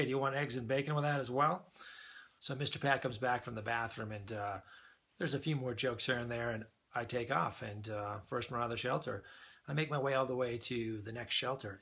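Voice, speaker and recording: Guy telling a funny story, lively and amused, kinda hoarse bright tone. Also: mid-range voice. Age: older than the usual young adult. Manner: animated, chuckling retelling of a funny episode. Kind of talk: casual anecdote.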